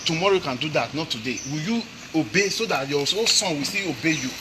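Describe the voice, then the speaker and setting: A pastor quizzes his listeners in a sermon, pushing each point with repeated questions. His voice sits a little high for a man. The recording is full of clear background noise. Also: animated, fast talker. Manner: questioning, repetitive tag questions, Nigerian Pidgin. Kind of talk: sermon questioning children and congregants.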